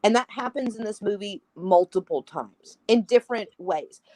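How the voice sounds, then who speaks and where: A woman's voice: mid-range voice, moderate pace, no room sound, rough recording. A woman chatting casually about a film on a podcast, acting out the characters' lines as she retells scenes. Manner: animated, acts out quoted lines. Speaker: podcast guest.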